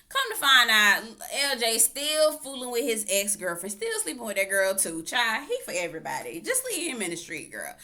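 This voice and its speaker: A woman's voice: medium pitch, pushed and bright. A woman recapping a reality TV show in a casual, gossipy way, quoting people in exaggerated voices and laughing often. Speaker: TV reviewer vlogger. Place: home, on camera.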